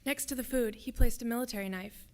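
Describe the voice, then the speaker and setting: A woman, a graduate student, reading her own fiction aloud at a public reading in a lecture hall, in a steady descriptive way. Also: fairly high pitch, quick pace.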